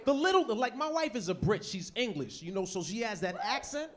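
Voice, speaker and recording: A man in his forties from the United States doing an animated stand-up set on a comedy club stage. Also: sits high, brisk. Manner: animated storytelling, slips into voices. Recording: live club with audience laughter.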